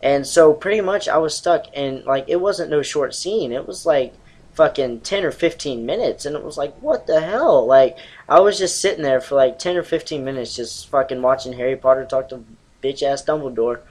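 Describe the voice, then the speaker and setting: A man's voice: mid-range voice, normal speed, a little mellow, low-quality recording. Twenties guy rambling over gameplay, cussing a lot, laughing, normal mid voice. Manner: rambling, profane, laughs often. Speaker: gaming channel host. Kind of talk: casual gameplay commentary.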